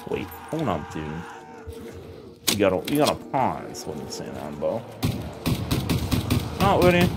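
A young man giving crude, joking commentary while playing a video game, breaking into loud excited outbursts. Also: extremely low pitch, a little slow, gravelly, background noise. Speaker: gaming video host. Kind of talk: let's play commentary. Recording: game music underneath.

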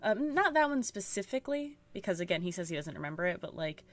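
A woman's voice: fairly low pitch, sing-song, fast. A woman streaming a story game, commenting casually in a chatty, wry way. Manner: chatty, wry, laughs often. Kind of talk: casual let's-play commentary.

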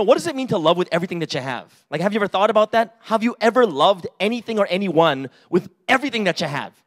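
A man in his forties giving a casual sermon with personal stories, chatty and full of "right?" asides. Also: high voice. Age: 40s. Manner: chatty, many fillers and "right?" asides, acts out quotes. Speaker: pastor.

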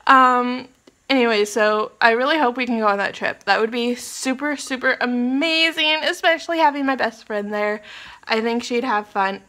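A woman's voice: on the high side, normal speed, bright, forceful tone. A young woman vlogging from her condo, chatting in a scattered, giggly way with plenty of ums and apologies. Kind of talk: casual rambling vlog chat.

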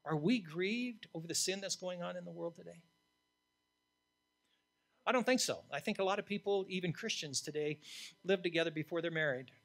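A man's voice: high voice, normal speed, pauses often. Blunt, emphatic older man preaching. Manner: blunt, emphatic preaching with swings from loud to hushed. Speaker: interim pastor. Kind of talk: sermon.

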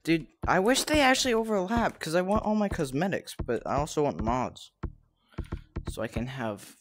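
A young man streaming a game in casual chat with friends, excitable with sudden loud outbursts. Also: on the high side, moderate pace, slight background noise.

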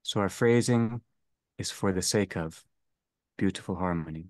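Man, low voice, dry close sound, theology lecture, measured and repetitive phrasing. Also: no room sound. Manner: slow, deliberate, restates each phrase. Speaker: seminar leader.

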